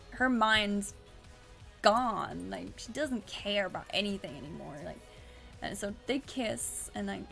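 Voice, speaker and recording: A woman's voice: mid-range voice, creaky. A woman streamer casually recapping a story, rambling with restarts and swearing.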